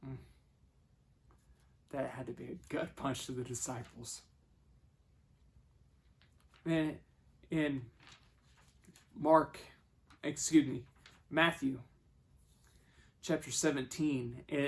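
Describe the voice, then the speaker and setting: A man preaching a sermon, telling the story and acting out the voices he quotes, moving between hushed and loud passages. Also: mid-range voice, steady tone, takes it slowly, long pauses.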